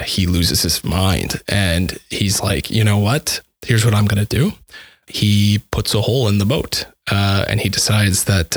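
Male, conversational storyteller, low-leaning voice, dry close sound, halting delivery full of repeats. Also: dry recording. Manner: halting, repeats words and restarts often. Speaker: composer describing his dissertation project.

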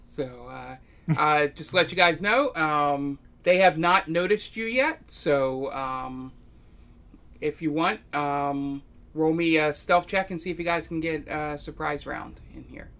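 Man, game master, gravelly, bright tone, hesitant, lots of ums. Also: a little high, unhurried. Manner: hesitant, many ums and uhs. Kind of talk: narrating a tabletop game.

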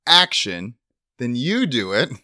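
A low-voiced man co-hosting a comedy podcast, dry and firm as he steers the bit. The sound is close and dry, with no room around it. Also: expressive, moderate pace, fairly bright tone, no room sound. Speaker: podcast co-host.

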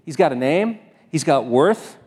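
A man's voice: fairly high pitch, expressive, unhurried, darkish tone, slightly rough, long reverb tail. A man preaching a sermon as pastor, talking in a conversational way with frequent fillers and restarts.

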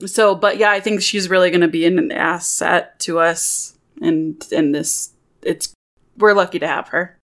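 A woman's voice: fairly low pitch, steady tone, measured pace, fairly bright tone. A woman playing a tabletop game in character, flustered and rambling, cutting herself off. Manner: flustered, rambling, self-interrupting. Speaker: player.

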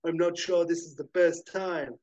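A man's voice: a little high, fairly even intonation, moderate pace, a little mellow, lo-fi sound, voice pushed up, lightly acted. Man doing a sheepish, hesitant action hero. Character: awkward, cautious male action hero.

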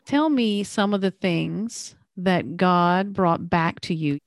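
A woman's voice: on the low side, takes it slowly, no echo, studio quality. A woman hosting a faith talk show, asking questions and affirming her guest. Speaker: host.

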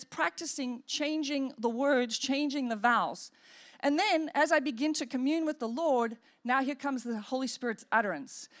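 With a high voice, a woman pastor delivers a lively sermon in which she voices inner thoughts aloud and shows how to pray in tongues.

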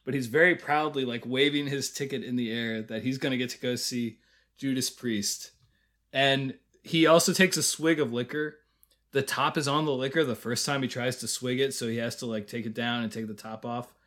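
A man's voice: mid-range voice, fairly even intonation, moderate pace, fairly bright tone. Chatty male podcast co-host. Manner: laughs often, retells scenes with quoted voices. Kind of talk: casual review chat.

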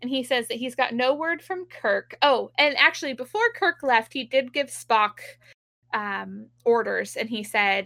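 Bright, chatty young woman recapping. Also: on the high side, vocal fry, no room sound. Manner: chatty, lots of "like", quick laughs, acts out quotes. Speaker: podcast co-host recapping an episode. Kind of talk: casual chat.

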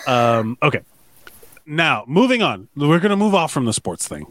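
A man's voice: a little high, very animated, unhurried, a bit bright, no echo, clean studio sound. A man co-hosting a podcast in casual, rambling chat, swearing and joking as he reads comments. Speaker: podcast co-host.

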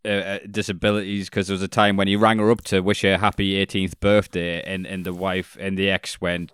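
A man's voice: sits low, little pitch movement, fairly quick, few pauses, a bit bright, clear, resonant tone, no room sound, studio quality. A man co-hosting a podcast, talking bluntly and swearing, explaining his points in casual chat. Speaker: podcast co-host.

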